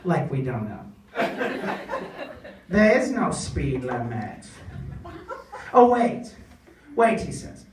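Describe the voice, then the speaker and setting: A woman's voice: deep voice, sing-song, slow pace, pauses often, darkish tone, a little hiss or hum. A woman doing a stand-up comedy routine in a small venue, rambling and self-deprecating as she tells stories. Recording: echoey club, distant mic, crowd.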